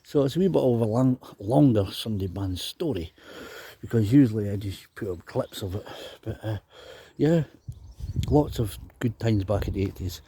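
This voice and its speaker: His voice is fairly low, dark and husky, and he sounds animated at a moderate pace. He's a Scottish man in his fifties from Dundee, rambling casually about his drumming days and often tacking on "you know."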